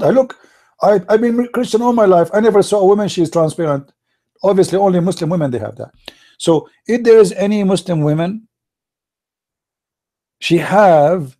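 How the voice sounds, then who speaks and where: A man, hosting a mocking commentary on pictures he shows, sarcastic and laughing with mock excitement. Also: high voice, normal speed. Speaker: channel host.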